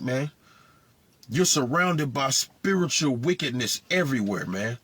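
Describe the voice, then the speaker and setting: A man's voice: medium pitch, husky, no echo. A man teaching scripture informally in street talk, saying "man" constantly. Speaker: preacher.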